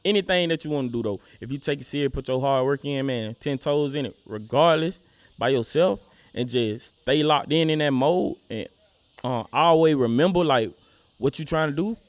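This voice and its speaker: A man's voice: medium pitch, normal speed, dry recording. A young man with a Southern US accent, a rapper talking casually as an interview guest, laid-back and full of "you know what I'm saying".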